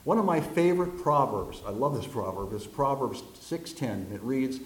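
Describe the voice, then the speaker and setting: A man's voice: mid-range voice, animated, normal speed, hardly any pauses. A man preaching a sermon, telling jokes and stories and acting out the voices in them. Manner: folksy storyteller, acts out voices in jokes. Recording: echoey room.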